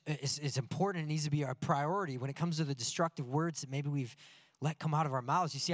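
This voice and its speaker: A man in his thirties preaches with lively, story-driven energy, often turning to rhetorical questions. His voice sits a little high for a man. The recording is dry and close, with no room echo. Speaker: pastor. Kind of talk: sermon.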